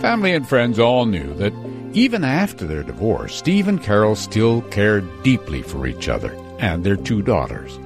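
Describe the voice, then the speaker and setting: A man with a lowish voice tells a news story in a dramatic, measured way, his pitch swinging widely. Clear music plays under his voice. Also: wildly swooping pitch. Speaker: news narrator. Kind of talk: scripted narration.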